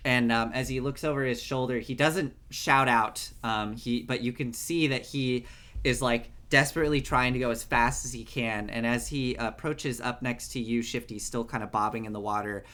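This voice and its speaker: A man narrating a tabletop game as game master, relaxed, with many fillers. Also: mid-range voice, normal speed.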